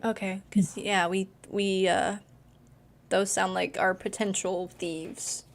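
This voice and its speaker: A woman's voice: mid-range voice, level tone, takes it slowly. A woman playing a tabletop game, hesitant and trailing off as she talks. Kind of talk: casual play at the table.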